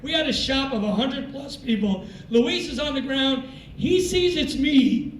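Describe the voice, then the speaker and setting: A man with a strikingly high voice giving a motivational speech in a large hall. He tells his story in an animated way and acts out the dialogue. The sound is echoey and comes from some way off the mic, with faint noise behind. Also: a little slow, far from the mic. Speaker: military speaker.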